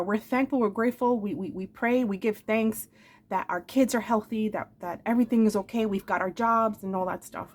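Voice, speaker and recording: A woman's voice: on the high side, darkish tone. A woman in her forties speaking in an earnest, emotional confessional vlog, calling her viewers "my darlings" and repeating phrases for emphasis. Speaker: vlogger. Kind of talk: heartfelt confessional vlog talk.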